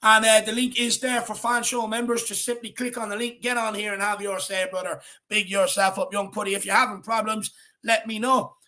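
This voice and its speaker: An Irish-accented man hosts a football fan show, his high-pitched voice bright and forceful, held at a level tone and moving a little fast. He talks casually and with plenty of energy, calling people "my man" and "brother."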